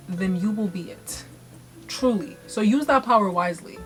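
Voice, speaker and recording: A woman's voice: mid-range voice, normal speed. Earnest woman over guitar music. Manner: earnest, encouraging. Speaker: vlogger. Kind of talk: reflective voice-over. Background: soft guitar music.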